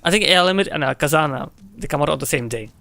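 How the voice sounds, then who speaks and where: A young man with a slightly high voice chats loosely while streaming a game. He answers viewers' messages as they come in and laughs easily between lines. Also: animated, fast talker, gravelly, sharp tone, no room sound. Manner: chatty, laughs often, reads and answers chat. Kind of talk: casual gameplay chat with viewers.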